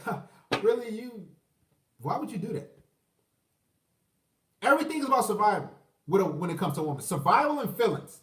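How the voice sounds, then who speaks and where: A man in his thirties hosting a livestream, ranting with profanity, rambling and mocking voices, giving shout-outs to viewers. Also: high-pitched, distant mic. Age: 30s. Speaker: livestream host. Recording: roomy echo, away from the mic.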